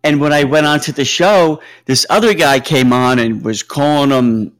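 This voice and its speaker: Slightly high-voiced joking man. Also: moderate pace, dry recording, low-quality recording. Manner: chatty, tells jokes. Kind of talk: casual chat.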